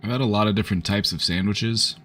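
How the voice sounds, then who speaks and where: A man's voice: on the low side, fast, sharp tone, soft background music. A man chatting casually on a live stream, rambling with lots of fillers. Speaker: streamer offering support.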